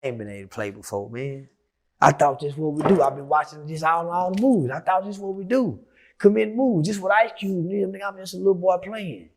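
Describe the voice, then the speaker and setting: A middle-aged man, a guest in an interview, tells a story in a heated, profane way, sinking into low mutters before bursting into shouts. He talks a little fast.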